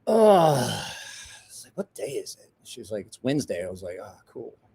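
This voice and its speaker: A man's voice: lowish voice, a little fast, creaky, a little mellow, husky. A man in his forties, a podcast host telling a rowdy story in casual chat, swearing, laughing and acting out the voices of the people he quotes.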